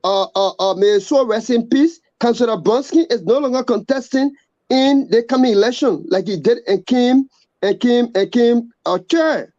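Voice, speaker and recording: A man giving political commentary, halting and repeating words. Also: very high-pitched, darkish tone, muffled recording. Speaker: guest commentator.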